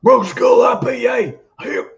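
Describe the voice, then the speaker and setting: A man doing an impression of a gruff male wrestler, barking loud demands. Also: very high-pitched, sing-song, measured pace, dull audio, pitched above the performer's own voice, exaggerated voice. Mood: shouting.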